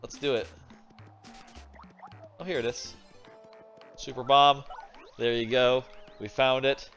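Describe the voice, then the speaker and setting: A man's voice: medium pitch, little pitch movement, slow pace, fairly bright tone, muffled recording, soft background music. A man casually commentating a video game stream from his home desk, rambling and thinking aloud, swearing now and then. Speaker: streamer playing video games. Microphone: desk microphone.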